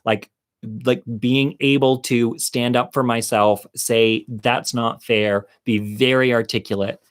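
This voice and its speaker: A man telling a personal story, animated and swearing freely, acting out his own shouting with sharp jumps in pitch. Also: a little slow.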